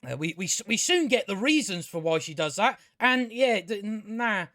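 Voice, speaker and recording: Male TV reviewer, high-pitched, dry recording, profane and sarcastic, stumbles over his words. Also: expressive, normal speed, fairly bright tone, no room sound. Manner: stammering, frequent restarts. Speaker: TV show reviewer. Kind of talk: casual solo review rant.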